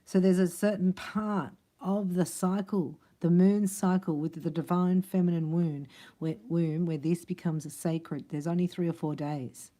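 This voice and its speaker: A woman giving a relaxed tarot reading in a low-set, mellow voice. She rambles along in a chatty way, often breaking into laughter between thoughts. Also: measured pace. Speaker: tarot reader. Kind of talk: casual spoken tarot reading.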